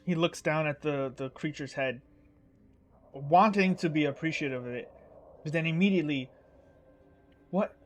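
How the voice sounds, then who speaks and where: A man narrating as dungeon master, describing the scene and calling for rolls. His voice sits a bit high for a man, and he often restarts mid-phrase. Faint music plays behind him. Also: normal speed. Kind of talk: narrating a tabletop game.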